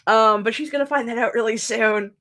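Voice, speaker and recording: A woman's voice: a little high, a little fast, a bit bright. A young woman hosting a live writing stream, chatting casually, laughing often and restarting her sentences as she goes.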